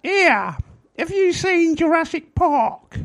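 A man imitating a bossy woman producer with an Essex accent and a high, childlike voice. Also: very animated, slow pace, fairly bright tone, exaggerated voice.

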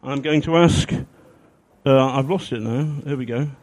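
A man's voice: mid-range voice, unhurried, darkish tone. A man giving a humorous talk to an audience, rambling with fillers and mocking himself. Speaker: speaker.

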